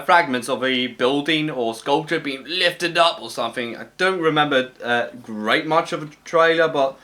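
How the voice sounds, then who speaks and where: A man's voice: a little high, fairly bright tone. A man talking casually about upcoming movies in a vlog. He is opinionated and wry, with many "uh"s and restarts. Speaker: movie vlogger. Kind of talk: casual movie preview talk.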